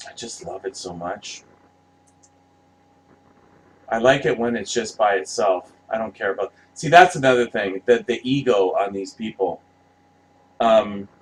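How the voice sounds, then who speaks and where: A man's voice: on the low side, unhurried, long pauses, poor audio. A man giving casual, rambling commentary, passionate and profane, often restarting his sentences. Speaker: vlogger reviewing movie posters.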